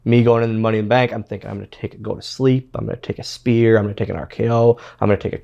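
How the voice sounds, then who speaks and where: Gravelly-voiced man telling wrestling stories. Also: lowish voice, fairly even intonation, very fast, a little mellow, highs cut off. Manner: rambling, repeats words, quotes others in his stories. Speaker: interview guest, former pro wrestler. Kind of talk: casual storytelling interview.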